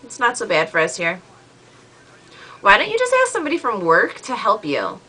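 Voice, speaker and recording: A young woman chatting in a casual video message to a friend, full of fillers and animated retellings. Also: mid-range voice, normal speed, husky, poor audio. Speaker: vlogger replying to a friend.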